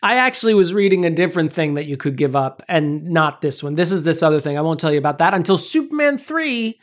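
A man's voice: a little high, big pitch swings, fast. Male co-host, jokey and opinionated, chatty delivery. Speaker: podcast co-host. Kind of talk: casual movie chat.

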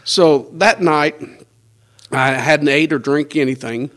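A man's voice: a little high, takes it slowly, a bit bright. A man, a pastor telling his life testimony in a folksy, conversational way, acting out the lines of the people in his story and chuckling now and then. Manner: storytelling with quoted dialogue and chuckles.

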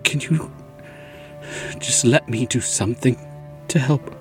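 A man's voice: mid-range voice, darkish tone, faint music behind, lightly acted. A man voicing Lance, a guilt-ridden young man who stammers through apologies and pleas. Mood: apologetic. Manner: halting, repeating himself, pleading.

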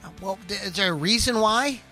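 A man's voice: high-pitched, a little fast, pushed and bright, faint music behind. A man hosting a casual podcast who reads sponsor plugs and banters in a rambling, hesitant, wry way. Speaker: podcast host.

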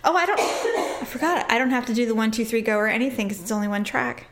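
A woman's voice: on the high side, fast, a crowd in the background. A woman hosting a podcast, chatting loosely and joking with a friend. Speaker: podcast host. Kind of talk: casual chat. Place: echoey room indoors. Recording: echoey room with background noise.

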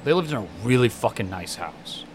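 Young man, podcast co-host, brash and profane, swooping pitch. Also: big pitch swings, brisk. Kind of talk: casual comedic chat.

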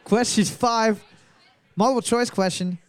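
A man's voice: high voice, steady tone, measured pace. A man hosting a trivia podcast, reading each question twice and joking between them. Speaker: trivia host. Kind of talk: casual podcast banter.

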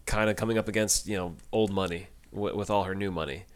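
A man's voice: low-pitched, fairly even intonation, fast talker, smooth. A man co-hosting a podcast, chatting casually and laughing easily, with frequent restarts. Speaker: podcast co-host. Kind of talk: casual chat.

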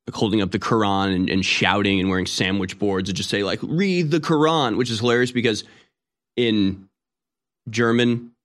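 Sarcastic male commentator on a rant. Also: lowish voice. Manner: sarcastic, mocking, rambling. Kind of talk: opinionated monologue.

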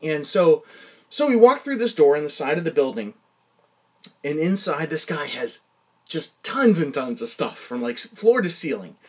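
Male solo podcast host, fairly high and very animated voice, rambling self-mocking storyteller who mutters asides. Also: moderate pace, husky. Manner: rambling, self-deprecating anecdotes with frequent restarts; drops into quiet muttered asides.

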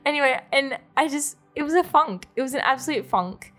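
A woman's voice: high voice, expressive, a little fast, a bit bright. A young woman, co-hosting a casual podcast, talking candidly and self-deprecatingly, rambling and laughing at herself. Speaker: podcast co-host.

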